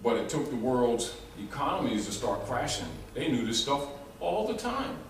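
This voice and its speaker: A man's voice: medium pitch, moderate pace. Man lecturing in an echoey room. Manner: animated, rambling, often laughs and restarts. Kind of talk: informal lecture to a small group. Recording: echoey room, mic far off, faint noise.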